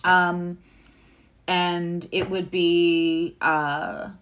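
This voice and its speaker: A woman's voice: fairly low pitch, flat delivery, extremely slow, background noise. A woman giving a casual live tarot and astrology reading, chatty and rambling with many fillers and asides.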